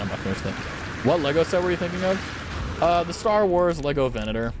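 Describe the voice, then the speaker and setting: A man's voice: on the high side, big pitch swings, brisk, music in the background. A young man streaming as a VTuber, chatting casually with viewers and telling a rambling, profane story.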